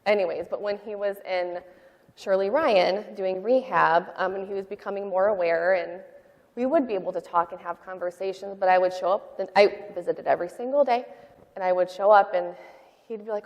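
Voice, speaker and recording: A woman sharing a personal testimony in a church interview, talking in a halting, heartfelt way with many fillers. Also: mid-range voice, steady tone, in a large hall, dull audio. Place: church sanctuary.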